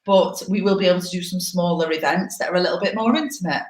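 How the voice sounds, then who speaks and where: A woman's voice: lowish voice, fast talker, heavy background noise. A woman in her forties co-hosting a casual live chat over a video call, candid and teasing. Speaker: co-host. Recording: echoey room on a video call.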